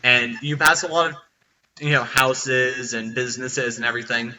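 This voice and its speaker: A man narrating a tabletop game as dungeon master, halting with many fillers, over online voice chat. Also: mid-range voice, level tone, pushed and bright, distant mic, highs cut off.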